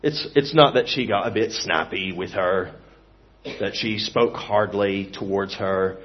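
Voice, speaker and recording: A man's voice: fairly low pitch, measured pace. Earnest male preacher, dull lo-fi sound. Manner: earnest, expressive, swings from emphatic to hushed. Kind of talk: sermon.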